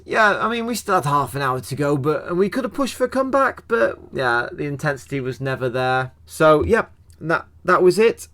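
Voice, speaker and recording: A young man talks through a football match in a relaxed, chatty way, often posing questions and answering them himself. His voice sits a little on the high side, and he pokes gentle fun at himself as he goes. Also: moderate pace. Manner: chatty, self-deprecating, asks himself questions. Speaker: football fan channel host. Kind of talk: casual match review.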